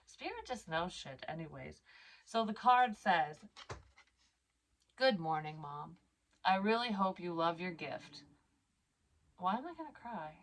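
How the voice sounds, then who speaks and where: A middle-aged woman talks to her camera in a loose, meandering way, full of "like" and "you know" and casual swearing. Her voice sits a little low, and she slows down to read cards aloud. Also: expressive. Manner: rambling, swears casually, many fillers; reads cards aloud slowly. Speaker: psychic medium vlogger. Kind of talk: casual personal vlog.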